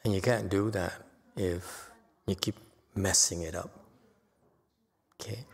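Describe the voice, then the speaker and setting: A man's voice: low-pitched, steady tone, takes it slowly, gravelly, breathy edge. An older man giving an unscripted dharma talk as a Buddhist teacher, blunt and exhorting, often checking in with "okay?". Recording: long reverb from a hall.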